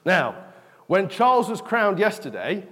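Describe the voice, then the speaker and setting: A man's voice: sits high, sing-song, measured pace, fairly bright tone. A man giving an interactive children's talk in church, chatty and often asking "okay?". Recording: long echo of a large hall.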